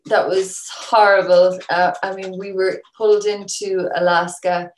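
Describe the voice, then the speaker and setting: A woman's voice: mid-range voice, level tone, measured pace. A woman from Ireland, a musician guest, chatting casually and rambling through her stories. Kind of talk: casual chat. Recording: echoey room.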